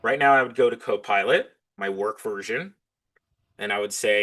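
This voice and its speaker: A man's voice: lowish voice, moderate pace, sharp tone. A man talking as a podcast guest in casual interview chat. He is enthusiastic and acts out both sides of his back-and-forth conversations.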